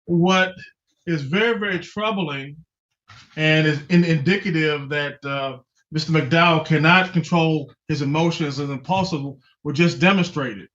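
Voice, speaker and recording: A man's voice: on the high side, a little slow, fairly bright tone. A man serving as judge over a video call, stern and firm as he gives rulings and orders. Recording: dull, muffled call audio.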